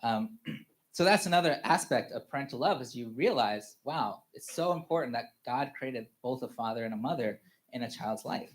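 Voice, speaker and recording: A man in his thirties giving a personal testimony at a church family service, speaking haltingly with many fillers and restarts and chuckling often. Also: medium pitch, animated. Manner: halting, full of "you know" fillers and restarts; chuckles often while telling stories.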